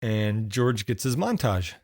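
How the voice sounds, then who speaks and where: A man's voice: lowish voice, very animated, slow pace, darkish tone, dry recording, clean studio sound. A man co-hosting a podcast, reviewing a film in casual chat, laughing often and restarting his thoughts. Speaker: podcast co-host.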